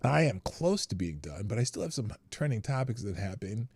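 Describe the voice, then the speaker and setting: A man's voice: on the low side, very animated, moderate pace, gravelly, darkish tone, breathy edge, no room sound. An older man hosting a live news commentary stream, chatting casually, laughing often and reading articles aloud with his own asides.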